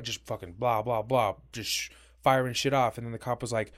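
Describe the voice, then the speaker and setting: A man co-hosting a podcast in casual chat, swearing freely and telling stories with quick acted quotes. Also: mid-range voice, steady tone. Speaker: podcast co-host.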